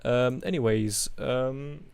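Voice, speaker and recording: A man's voice: medium pitch, slow, a little mellow, smooth. A man with a French accent hosts a live chart analysis, talking casually and thinking aloud, often humming while he works. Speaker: host.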